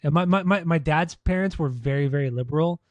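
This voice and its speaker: A man in his thirties co-hosts a casual music podcast, his voice a touch high for a man. He talks with excitement, swears often and repeats his points. The sound is close and dry, with no room around it. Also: fairly quick, no room sound. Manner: enthusiastic, swears freely, repeats himself. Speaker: podcast co-host.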